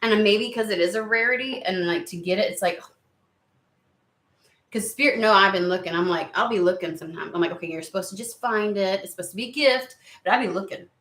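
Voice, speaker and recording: A woman chatting excitedly and rambling on tangents during a spiritual card reading video. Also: medium pitch, fairly quick. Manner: excitable, rambling, lots of exclamations. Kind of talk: casual chatty reading vlog. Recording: roomy echo.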